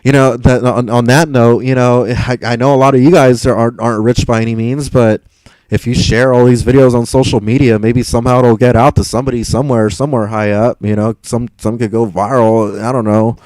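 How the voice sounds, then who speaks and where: A man's voice: medium pitch, flat delivery, a little fast, a little mellow, no echo, poor audio. A young man live streaming and answering chat, frustrated and rambling, swearing and stumbling over repeated words.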